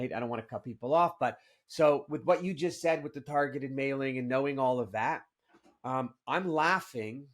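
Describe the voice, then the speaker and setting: A man of middle pitch hosts a podcast interview. He speaks in an animated, opinionated way and checks in with "right?" as he talks. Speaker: podcast host.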